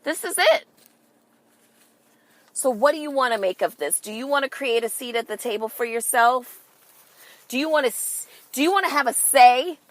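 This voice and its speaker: A woman's voice: sits high, lively intonation, moderate pace, pauses often. A woman hosting a podcast in a casual monologue, emphatic and swearing freely, firing rhetorical questions at listeners. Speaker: podcast host.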